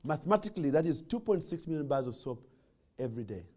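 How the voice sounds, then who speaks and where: A man gives a motivational talk, his fairly high voice swinging widely as he tells a funny story. He jokes and restarts his phrases as he goes. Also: sing-song, fast, a little mellow. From Uganda. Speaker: guest speaker. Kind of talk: humorous motivational speech.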